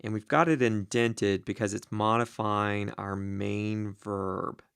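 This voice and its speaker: A man teaching the Greek grammar of a Bible passage, slow and deliberate, with many ums and uhs. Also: on the low side, steady tone, creaky, fairly bright tone, clean tone, no room sound, clean studio sound.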